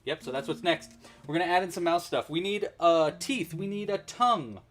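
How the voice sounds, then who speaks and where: A man's voice: on the high side, a little fast, fairly bright tone, soft background music. A man hosting a casual crochet livestream tutorial, narrating his own handiwork with chatty, playful asides to viewers. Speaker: crochet instructor.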